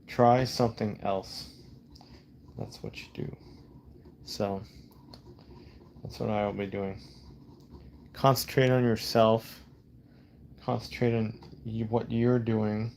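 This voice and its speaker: A man's voice: on the low side, darkish tone, slight background noise. A man in a casual vlog monologue, frustrated and profane, rambling and repeating himself. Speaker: vlogger.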